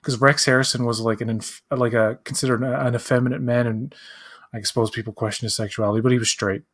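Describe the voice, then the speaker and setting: A man's voice: medium pitch, little pitch movement, fast, fairly bright tone. Rambling male podcast co-host. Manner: rambling, searches for names, acts out quotes. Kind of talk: casual chat.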